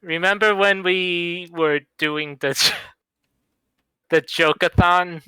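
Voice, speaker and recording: A man playing a tabletop role-playing game, speaking slowly and a little hesitantly. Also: high-pitched, steady tone, pushed and bright, clear, resonant tone, no echo, rough recording. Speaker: player. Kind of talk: casual tabletop game chat.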